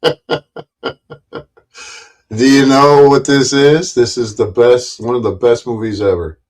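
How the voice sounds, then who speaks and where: A man's voice: medium pitch, steady tone, slow pace. A middle-aged man hosting a casual livestream, rambling, joking crudely and laughing often. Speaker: livestream host.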